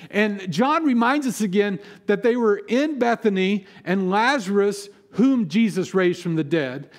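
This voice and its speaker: A man preaching a sermon as pastor, telling stories and acting out biblical figures in a lively way. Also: sits high. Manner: animated storytelling, acts out biblical figures with rising energy.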